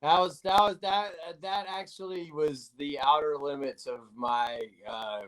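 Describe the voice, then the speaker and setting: A man, a guest on a livestream, chatting casually and telling stories about himself with halting restarts. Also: on the high side, fairly even intonation, background noise. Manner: self-deprecating storyteller, halting restarts. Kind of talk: casual chat.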